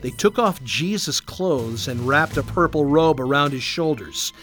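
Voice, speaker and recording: A man narrating a storybook slowly and expressively. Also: fairly high pitch. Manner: slow, expressive. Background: background music.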